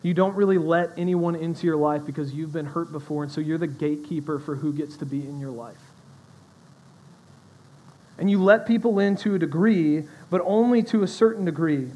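A young man with a high voice preaching a sermon. He talks conversationally and breaks into animated asides with his listeners. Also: moderate pace, low-quality recording. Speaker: pastor.

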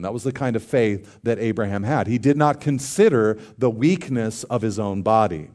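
A man's voice: fairly low pitch, animated, normal speed, few pauses, darkish tone. A man preaching a sermon as a pastor. He speaks in an earnest, conversational way, tells stories with humor and acted-out dialogue, and builds to emphatic declarations.

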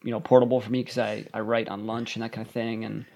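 A man's voice: fairly low pitch, level tone, quick pace, creaky, warm tone. A man co-hosting a writing podcast, talking casually and hesitantly with many restarts. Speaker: podcast co-host.

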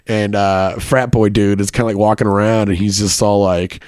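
A man's voice: fairly low pitch, fairly even intonation, normal speed, darkish tone, clear, resonant tone, no room sound, clean studio sound. A man telling a personal story casually, with lots of swearing and filler words.

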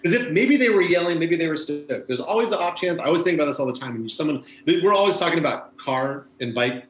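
A man's voice: on the high side, expressive, quick pace, reverberant, a little hiss or hum, poor audio. A man, a former bike messenger, chatting casually and rambling with lots of fillers. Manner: rambling, laid-back, many fillers like "you know". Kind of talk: casual conversation.

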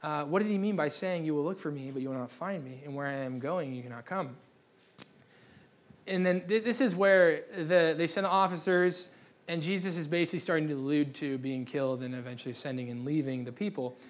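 Casual joking male preacher, slightly high. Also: brisk. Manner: casual, joking, restarts often. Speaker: pastor. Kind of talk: sermon. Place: church gathering.

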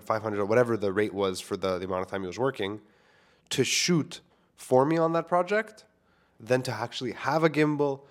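A young man, a filmmaker, talking casually into a microphone to his listeners, candid and self-deprecating, swearing freely. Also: mid-range voice. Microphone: studio microphone.

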